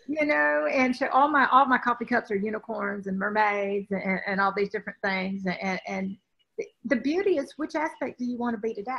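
A woman's voice: fairly high pitch, moderate pace, vocal fry, fairly bright tone, lo-fi sound. A woman from the US South, a spiritual teacher, talking with emphasis in a rambling way, often restarting her sentences. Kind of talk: spiritual talk in conversation.

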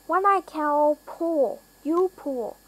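A bossy big removal man barks orders in a storybook reading, voiced by a woman. The voice stays fairly high and the telling slow. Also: poor audio.

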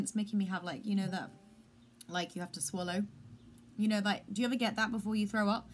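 A woman's voice: medium pitch, flat delivery, fast talker, a little hiss or hum. Rambling woman vlogging at home. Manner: rambling, self-deprecating, squeamish. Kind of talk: casual vlog chat. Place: home room.

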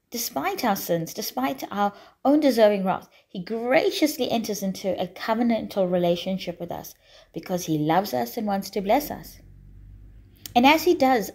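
A woman preaching a sermon in a church, deliberate and emphatic, repeating key phrases for weight. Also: a little high, a little mellow.

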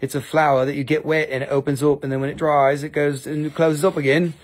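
Speaking fast and flatly in a voice on the high side, a man with an Appalachian American accent hosts a live-stream crystal sale. His casual chat rambles, with jokes at his own expense and plenty of swearing.

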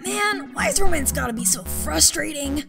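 A very high, bouncy voice belongs to an excitable, lovesick young monster kid, voiced by a woman. The kid blusters and protests at every turn, over a bed of music. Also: normal speed, vocal fry.

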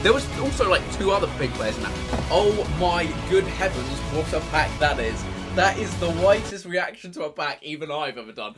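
A man's voice: on the high side, expressive, moderate pace, music in the background. A man reacting giddily to a video game pack opening and poking fun at himself. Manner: giddy, self-mocking.

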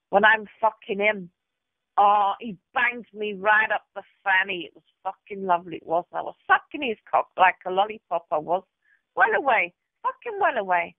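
A woman rants into a voicemail, foul-mouthed, taunting and openly hostile. Her voice sits at an ordinary pitch for a woman and comes through a tinny, narrow phone line. The sound is dry, with no room around it. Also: expressive, moderate pace, no echo. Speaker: caller leaving voicemails. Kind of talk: abusive voicemail rant.

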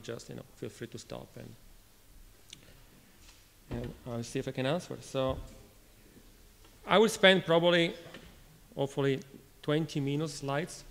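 A man from Italy with an Italian accent gives a technical conference talk in a halting way, restarting phrases and questioning the audience. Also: medium pitch. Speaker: conference speaker. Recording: reverberant lecture hall.

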